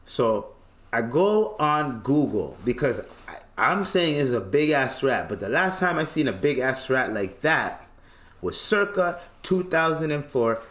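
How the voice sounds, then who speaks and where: A man hosts a podcast alone, telling a story in loose, slang-heavy talk. He acts out the other people's lines as he goes. His voice sits at an ordinary middle pitch. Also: sing-song, measured pace, fairly bright tone. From Tanzania. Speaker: podcast host. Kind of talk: casual storytelling monologue.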